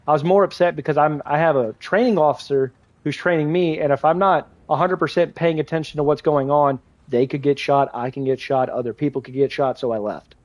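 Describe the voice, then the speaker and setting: A man's voice: a little high, steady tone, a little fast, few pauses, no room sound, dull audio. A young man livestreaming a game, rambling through a casual story with lots of fillers and restarts. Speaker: gaming livestreamer.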